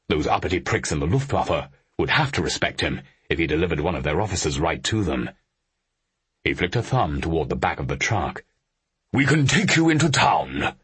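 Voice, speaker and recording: Very deep, husky male narrator. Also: dry recording. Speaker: audiobook narrator. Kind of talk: scripted narration.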